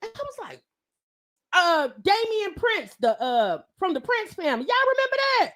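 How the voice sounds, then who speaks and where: A woman hosting a casual livestream, talking excitedly to her viewers and calling them honey and baby. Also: extremely high pitch, moderate pace, a little hiss or hum. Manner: excitable, exclaiming and laughing with viewers. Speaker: livestream host.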